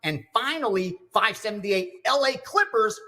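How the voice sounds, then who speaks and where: A man reads betting picks on a sports show and tells stories with fervent, preachy conviction. His voice sits high and sounds husky. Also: expressive, normal speed, bright, forceful tone. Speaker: sports handicapper. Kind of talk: reading picks, then casual chat.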